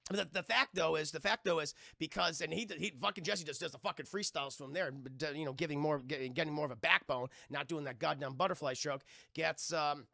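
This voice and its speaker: A man recapping a cartoon episode for a live-stream chat, talking in an energetic, profane, and animated way. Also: on the high side, a little fast, gravelly, few pauses, no echo, clean studio sound. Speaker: livestream cartoon reviewer.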